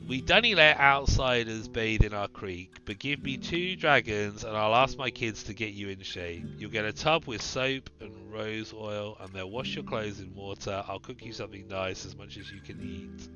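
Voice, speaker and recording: A man voicing a portly, bearded male villager trader with a gruff Scottish accent. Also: fairly low pitch, moderate pace, few pauses, highs cut off, natural voice. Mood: matter-of-fact.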